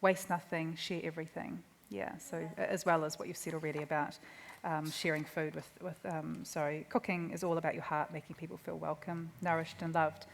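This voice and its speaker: A woman with a New Zealand accent and a fairly low voice leads a stage interview. She asks hesitant, restarting questions. The room gives her voice a long hall reverb. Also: little pitch movement, fairly quick, creaky, few pauses, a little hiss or hum. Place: live festival talk venue.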